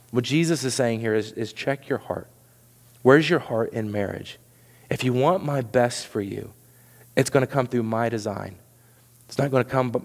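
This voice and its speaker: A man's voice: mid-range voice, a little mellow. A man preaching a sermon as pastor, earnest and urging, often repeating words as he presses a point. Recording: long hall reverb.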